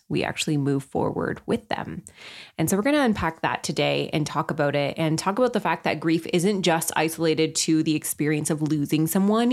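A woman hosting a podcast, introducing her guest and interviewing her in an earnest, affirming way over a call. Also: low voice. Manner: earnest and affirming, many "yeah"s. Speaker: podcast host. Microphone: remote call.

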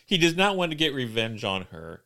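A man's voice: medium pitch, big pitch swings, brisk, gravelly, pushed and bright. A man co-hosting a casual movie-review chat who teases his co-host and corrects her with dry prompts. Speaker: podcast co-host.

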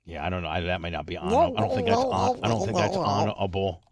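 A man's voice: on the low side, wildly swooping pitch, quick pace, over a noisy crowd. A man hosting a podcast in casual chat, teasing his co-host with profane banter and restarting his sentences. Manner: profane, teasing, repeats himself.

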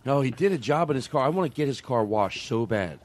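A man's voice: medium pitch, expressive, fairly quick, a little mellow. A man hosting a loose comedy podcast, rambling, laughing often and trailing off mid-sentence. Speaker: host.

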